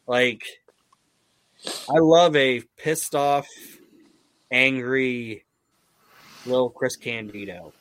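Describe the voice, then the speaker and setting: Male podcast host, mid-pitched, swearing and rambling with excitement, dry close sound. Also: drawn-out words, long pauses, no room sound. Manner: profane, enthusiastic, rambling with restarts. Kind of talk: casual wrestling podcast chat.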